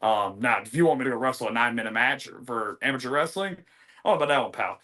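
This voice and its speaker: A young American man, a professional wrestler, telling stories in a rambling, animated way full of fillers and restarts. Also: medium pitch, very fast. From United States. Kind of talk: casual interview storytelling.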